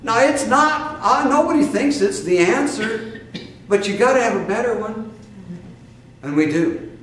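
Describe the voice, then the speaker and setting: An older man with a Midwestern American accent preaching a sermon to a congregation, emphatic and fiery, with sudden loud bursts and drawn-out stresses. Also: extremely high pitch, animated. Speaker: spiritual teacher. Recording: echoey distant room recording with faint noise.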